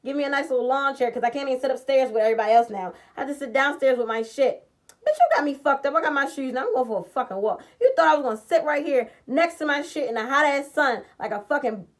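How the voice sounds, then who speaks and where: A woman's voice: expressive, fast talker. Blunt, profane woman telling a story. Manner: swings between loud outbursts and low muttering. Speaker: vlogger telling a personal story. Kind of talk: casual storytime vlog.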